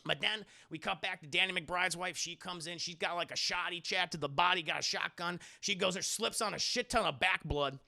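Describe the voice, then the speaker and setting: A man's voice: high voice, brisk, gravelly, hardly any pauses, bright, forceful tone. A man streaming a casual, profane scene-by-scene film recap to his live chat, rambling and acting out scenes.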